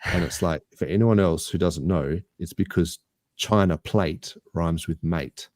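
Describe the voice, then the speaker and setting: A man's voice: deep voice, unhurried, a little mellow, no room sound, clean studio sound. An Australian man co-hosting a podcast in casual banter, rambling and joking at his own expense. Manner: jokey, rambling, self-mocking. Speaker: podcast co-host.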